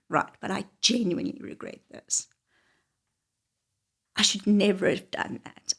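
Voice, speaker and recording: A woman telling a wry, confessional personal story, often dropping into hushed whispered asides. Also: mid-range voice, creaky, husky.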